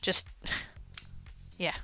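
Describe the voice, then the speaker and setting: A woman's voice: drawn-out words, bright, forceful tone, faint music behind. An Australian woman livestreaming, telling a story in rambling casual chat, swearing freely and poking fun at herself.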